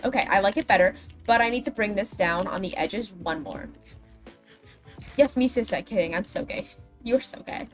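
A young woman livestreams a building game and chats with her viewers, dramatic and self-mocking as she talks to chat. Her voice is medium in pitch at a moderate pace, with faint music behind her.

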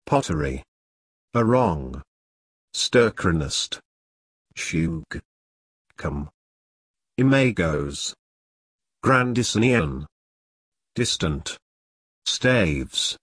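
Slow husky man reading single words. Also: deep voice, big pitch swings, fairly bright tone, dry recording, clean studio sound. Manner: slow, one word at a time with pauses. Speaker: word list reader. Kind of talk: reading a vocabulary list.

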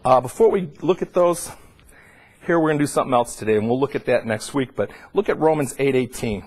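A middle-aged man preaching a sermon, swinging between loud, high emphatic peaks and low, quiet asides. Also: fairly quick.

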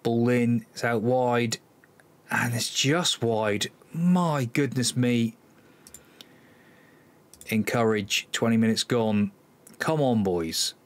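Speaking slowly with frequent pauses in a medium pitch, this man from Cornwall, England, commentates live on a match in his football management let's-play, sighing in exasperation and addressing his players.

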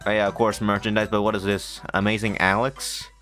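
A man giving excitable let's-play commentary, talking to himself and shouting at the game. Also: lowish voice, brisk, soft background music. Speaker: gamer.

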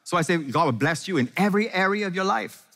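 Guy pastor preaching, voice jumps all over, slightly high, big hall reverb. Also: quick pace. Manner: animated, asks the congregation questions and calls for amens. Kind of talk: sermon.

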